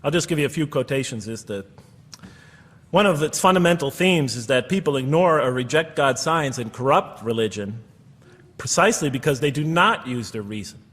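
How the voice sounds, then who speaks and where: A man's voice: mid-range voice, lively intonation, normal speed, a bit bright, husky, big-room sound. A middle-aged man giving a public talk to an audience, earnest as he quotes and tallies references. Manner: earnest, quoting and tallying references. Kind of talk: lecture to an audience.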